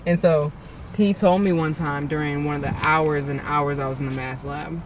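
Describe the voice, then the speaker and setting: A young woman, an interview guest and nursing graduate, telling her story in an animated, emotional way with frequent restarts. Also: low-pitched, normal speed, distant mic, background noise.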